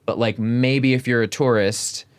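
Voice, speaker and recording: A man as a podcast guest in casual chat, animated and emphatic, with "like" in nearly every phrase. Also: mid-range voice, unhurried, clear, resonant tone. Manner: chatty storytelling, fills nearly every phrase with "like".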